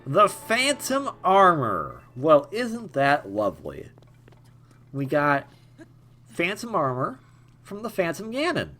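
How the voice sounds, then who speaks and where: A man's voice: fairly high pitch, wildly swooping pitch, slow pace, long pauses, a bit bright, soft background music. A young man giving casual, jokey let's-play commentary, rambling and stammering over repeated words. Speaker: gaming YouTuber.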